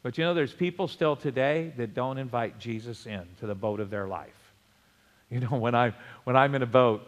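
A male pastor preaching a sermon in a church, with lively bursts and chuckles. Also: mid-range voice, moderate pace, big-room sound. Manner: animated preaching with sudden loud bursts and chuckles.

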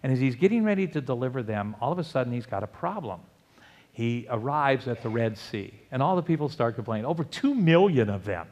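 A man's voice: expressive, fairly quick. A man preaching a sermon, telling stories and acting out quotes in raised voices. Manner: storytelling, acts out quotes in high loud voices. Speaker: pastor. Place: church. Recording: long reverb of a large hall.

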